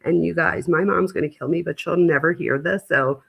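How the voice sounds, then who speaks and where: A woman's voice: low-pitched, moderate pace, creaky, husky. A woman in her thirties hosting a casual chat, telling stories in a chatty way full of filler words. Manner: chatty storyteller, lots of "like" fillers. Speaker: host.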